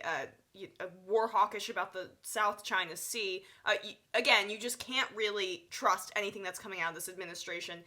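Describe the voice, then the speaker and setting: Bright-voiced stuffy woman commentator. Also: mid-range voice. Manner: sarcastic, opinionated, many fillers. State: stuffy nose. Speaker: political commentator. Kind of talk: live online news commentary.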